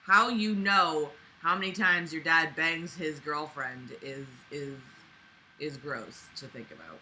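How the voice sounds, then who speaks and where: Slow, very bright-voiced sarcastic woman. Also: low voice, animated, slight background noise, poor audio. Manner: sarcastic, profane, exasperated. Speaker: book reader and commentator. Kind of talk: reading a novel aloud with mocking commentary.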